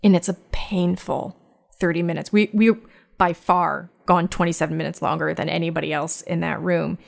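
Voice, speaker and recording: A woman's voice: on the low side, fairly even intonation, gravelly. A woman telling a personal story in conversation, candid and reflective, often stopping and repeating words as she speaks. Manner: halting, restarts and repeats words.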